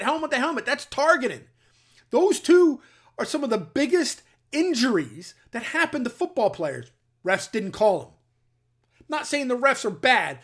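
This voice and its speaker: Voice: medium pitch, fairly bright tone. A middle-aged military veteran from the New York or New Jersey area, hosting his own channel with blunt, emphatic opinion talk aimed straight at his viewers. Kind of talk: opinionated commentary to camera.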